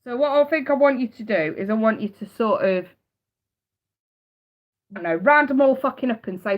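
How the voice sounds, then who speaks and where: A woman's voice: on the high side, expressive, normal speed, pauses often. A woman giving a live tarot reading, blunt and emphatic, swearing freely and repeating her points. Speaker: tarot reader. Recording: dull lo-fi sound.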